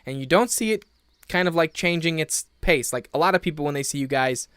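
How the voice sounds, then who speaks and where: A man narrating a tabletop game as game master, in a loose, giggly way with many pauses and restarts. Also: a little high, fairly bright tone, clean tone, no room sound, clean studio sound.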